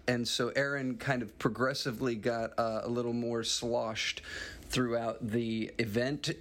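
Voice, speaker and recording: A man's voice: mid-range voice, a bit bright. A man, a musician, recalling favorite show memories in a casual, rambling recorded message full of fillers.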